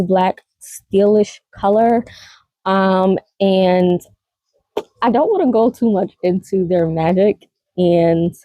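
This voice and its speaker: A woman's voice: mid-range voice, warm tone, dry recording, poor audio. A woman vlogger in casual chat, rambling and laughing often between many fillers.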